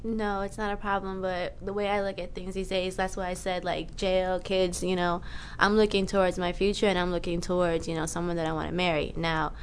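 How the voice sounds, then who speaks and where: A woman's voice: lowish voice, little pitch movement, a little fast, a little hiss or hum. A woman in a casual group discussion, earnestly laying out her plans at length.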